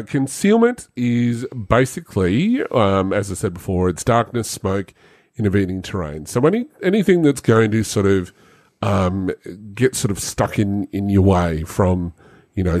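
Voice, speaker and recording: A man hosting a tabletop game podcast in casual chat, animated and jumping high in pitch for jokes. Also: dry recording, studio quality. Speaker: game master podcast host.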